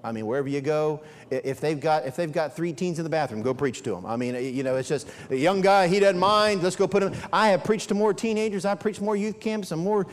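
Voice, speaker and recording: High-voiced preacher in a reverberant church. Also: male voice. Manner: animated, acts out characters in asides. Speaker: evangelist preacher. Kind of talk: sermon. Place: church sanctuary. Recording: long hall reverb.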